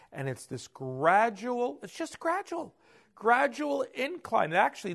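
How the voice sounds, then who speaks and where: Gravelly-voiced preacher man, loud to hushed. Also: fairly high pitch. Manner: animated preaching, swings from loud emphasis to hushed asides. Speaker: pastor. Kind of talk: sermon.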